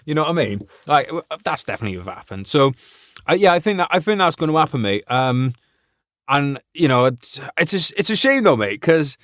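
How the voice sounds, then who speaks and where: A man who is an army veteran, hosting a podcast in a relaxed, laughing chat full of swearing and banter. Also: a little high, fairly quick, no room sound, clean studio sound. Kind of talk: casual chat.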